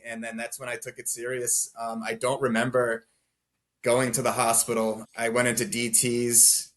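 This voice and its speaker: Rambling young man telling his story. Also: medium pitch. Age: 20s. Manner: rambling, many filler "like"s, laughs through dark moments. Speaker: podcast guest. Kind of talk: casual storytelling.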